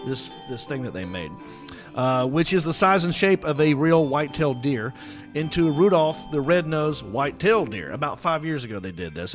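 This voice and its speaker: A man hosts a comedy show in a slightly high voice, telling funny news stories in a jokey, playful way. He breaks into animated emphasis now and then. Faint music plays behind him. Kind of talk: casual comedic chat.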